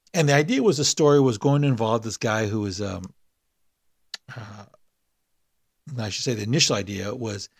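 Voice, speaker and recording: A man's voice: mid-range voice, vocal fry, no echo, studio quality. A man hosting a podcast, reading his own story and then chatting in a rambling way, full of fillers and restarts. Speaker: podcast host and author. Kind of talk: story reading and casual chat.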